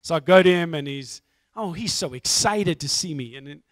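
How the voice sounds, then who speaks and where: A man's voice: a little high, lively intonation, normal speed, dry recording, studio quality. A middle-aged man from South Africa with a South African accent, giving a candid, self-mocking testimony talk as a guest speaker.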